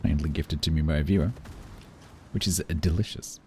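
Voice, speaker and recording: A man's voice: very deep voice, steady tone, a little fast, warm tone, slight background noise. A British man streaming a game, chatting casually with his viewers in a rambling, dry, self-mocking way. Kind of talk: casual chat while gaming.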